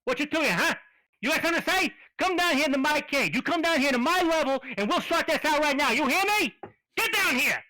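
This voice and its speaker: A man's voice: very high-pitched, expressive, brisk, pushed and bright, no room sound, voice pushed up, exaggerated voice, poor audio. A man voicing a belligerent, tough-talking male raccoon who speaks in street slang and throws out threats. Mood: menacing. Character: belligerent wise-guy male raccoon in a cage.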